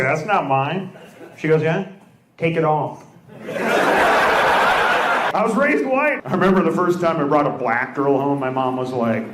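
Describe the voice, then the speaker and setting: A man doing crowd work as a stand-up comedian, brash and teasing, firing off quick punchlines on a club stage. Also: fairly high pitch. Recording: echoey club with loud crowd noise.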